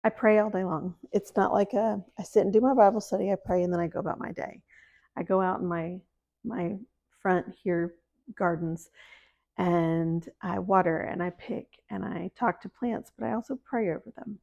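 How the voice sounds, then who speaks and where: A middle-aged woman from the American Deep South, chatting casually to camera about her homestead and faith, laughing at herself. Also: fairly even intonation, normal speed, creaky, darkish tone, highs cut off. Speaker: homesteading vlogger.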